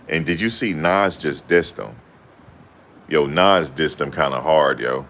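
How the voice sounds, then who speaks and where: A man's voice: very deep voice, unhurried, a bit bright, slight background noise. A young man chatting casually to camera in loose, slangy banter, often laughing. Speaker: vlogger.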